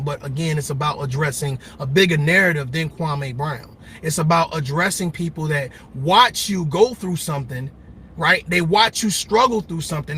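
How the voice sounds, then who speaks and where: A man's voice: high-pitched, sharp tone, breathy edge. A middle-aged man giving a passionate, preacher-like commentary monologue, emphatic and repetitive. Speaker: commentary vlogger.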